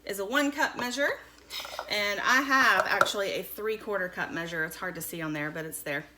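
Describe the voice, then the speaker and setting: Speaking at a moderate pace in a mid-range voice, a woman in her thirties walks kids through cooking step by step, cheerful and patient. She's a mom hosting a children's science video in her home kitchen, keeping the talk casual and instructional. The recording picks up kitchen echo and obvious background noise.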